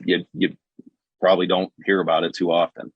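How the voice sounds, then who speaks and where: A patrol officer on a podcast, talking bluntly and casually, with some swearing. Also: male voice, low-pitched, little pitch movement, a little fast, vocal fry, breathy edge, no room sound, lo-fi sound. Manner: blunt, profane storytelling.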